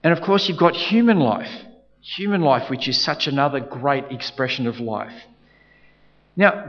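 A man delivers a sermon in a fairly high voice, hammering his points home through repetition and frequent restarts. His voice carries a long reverb, as if filling a large hall, and the recording sounds a little dull. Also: a bit bright. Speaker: preacher.

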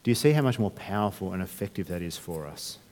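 A man's voice: deep voice, animated, quick pace, a little mellow, in a large hall. A man preaching a sermon, talking conversationally with restarts and rhetorical questions. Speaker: pastor.

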